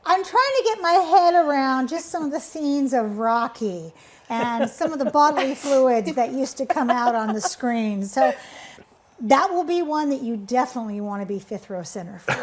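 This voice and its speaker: A woman's voice: high-pitched, animated, moderate pace, slight background noise. A woman hosting a TV talk show in a studio, chatty and playful, teasing her guests, with a runny nose from allergies.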